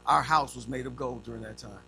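A sermon from a man in his fifties: brisk, medium-pitched, and over a slight hiss or hum. He's a lively, humorous storyteller who acts out the voices in his tales.

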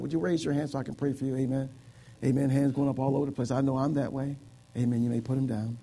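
A man's voice: medium pitch, fairly even intonation, fast talker, mellow. A man preaching a sermon in a church, pleading with the congregation in a repetitive preaching cadence and leading an altar call. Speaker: pastor. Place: church sanctuary.

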